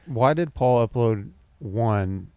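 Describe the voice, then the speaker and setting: A man's voice: medium pitch, lively intonation, slow, clear, resonant tone, no room sound, lo-fi sound. A man co-hosting a casual podcast, asking blunt questions. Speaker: podcast co-host.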